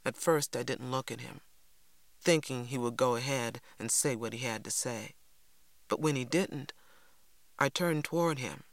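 A man giving a measured, unhurried audiobook narration. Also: medium pitch, dry recording.

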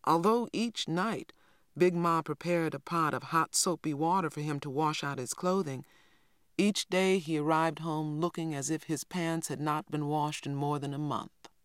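A man narrates a novel in a steady, measured reading voice. His tone sits a little on the high side. The recording is dry and close, with no room sound. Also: smooth, no room sound. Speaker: audiobook narrator. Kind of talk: scripted narration.

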